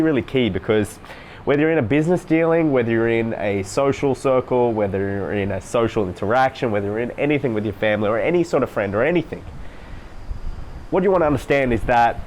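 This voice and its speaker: A social life coach talks straight to the camera in a casual, emphatic monologue, coaching his viewers and repeating phrases for stress. His mid-range male voice carries slight background noise, and he mimics other voices to demonstrate his points.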